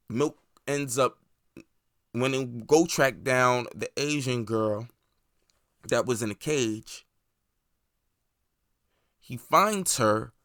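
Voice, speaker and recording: A man's voice: medium pitch, fairly bright tone, no echo, studio quality. A man hosting a movie review channel, casually recapping a series in a loose, rambling way with plenty of swearing and filler words.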